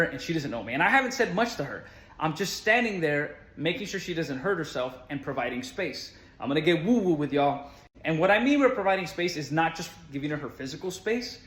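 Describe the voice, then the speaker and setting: A man with a slightly higher voice tells a personal story in an earnest, conversational way, with casual fillers. He works as school support staff. The sound is roomy, with echo from the space around him. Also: a bit bright. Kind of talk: storytelling monologue.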